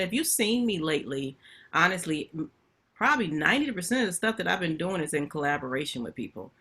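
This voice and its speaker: Woman, bright tone, lower voice, chatty host, tells stories. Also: big pitch swings, fast talker, husky. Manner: chatty storytelling, addresses audience directly. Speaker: webinar host. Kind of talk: casual webinar talk. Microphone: video call.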